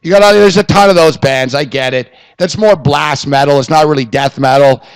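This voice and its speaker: A man co-hosting a podcast, telling stories with loud excitement and laughing as he goes. His voice sits a touch higher than most men's. He swears freely in casual banter. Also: fairly quick, clean tone. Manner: excitable storyteller, swears a lot, laughs often. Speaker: podcast co-host.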